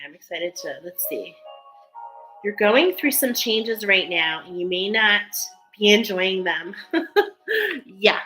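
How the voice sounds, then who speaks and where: A woman with a bright, clear voice leads a spiritual card reading, earnest and openly emotional. She reads the card texts aloud and then talks loosely around them, with plenty of "like" and "um". Soft music plays under her voice. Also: medium pitch, low-quality recording. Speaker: tarot card reader.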